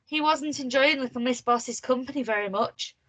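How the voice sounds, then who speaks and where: A woman's voice: high voice, brisk. A woman teacher reading a picture book aloud to young children, asking them questions as she goes. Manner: animated, asks the children questions. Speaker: primary school teacher.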